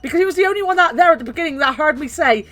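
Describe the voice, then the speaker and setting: Chatty english woman streamer, light west country accent, laughs a lot, high-ish voice. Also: expressive, very fast, pushed and bright. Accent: mild British, light West Country. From West Country, England. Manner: rambling, chatty, laughs often. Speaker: game streamer. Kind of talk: casual chat with stream viewers.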